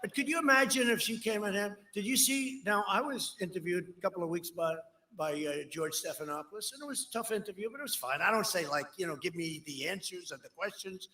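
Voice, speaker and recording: A man giving a rally speech in a rambling, repetitive way, jumping from shouted lines to low muttering. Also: quick pace. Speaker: political speaker at a rally.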